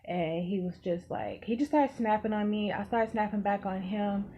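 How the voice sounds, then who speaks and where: A young woman vlogger telling a casual storytime, animated and swearing, acting out what people said. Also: medium pitch, normal speed, lo-fi sound, a little hiss or hum. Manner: animated, swearing, acts out quotes.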